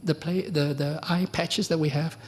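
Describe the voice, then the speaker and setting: A middle-aged man, a monk giving a conversational dharma talk, often asking the audience questions and acting out quoted exchanges. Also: normal speed. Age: middle-aged or older. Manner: acts out quoted exchanges with lively pitch jumps. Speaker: Buddhist monk teacher.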